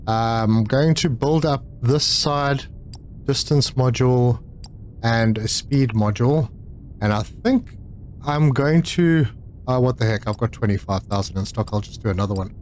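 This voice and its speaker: A man's voice: medium pitch, measured pace, darkish tone, a little hiss or hum. A man giving casual, easygoing commentary while playing a building game, thinking aloud and talking to himself as he goes. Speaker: gaming channel host.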